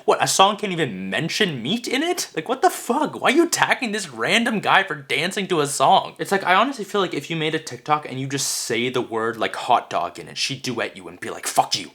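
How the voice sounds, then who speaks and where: A man's voice: mid-range voice, sing-song, brisk, few pauses, pushed and bright. A young man giving reaction commentary, exasperated and sarcastic, swearing often. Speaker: commentary YouTuber.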